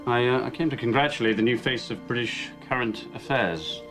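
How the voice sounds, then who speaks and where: A man playing a stiff, buttoned-up lawyer who talks in formal, clipped phrases and stumbles a little when he is awkward. He sounds like a scene in a film, with music clearly playing underneath. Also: mid-range voice, fairly quick, close to an everyday voice, low-quality recording.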